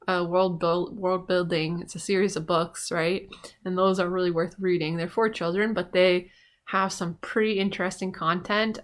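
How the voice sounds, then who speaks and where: A woman's voice: medium pitch, a bit bright. A woman vlogging in a rambling, profane, casual monologue with lots of filler words.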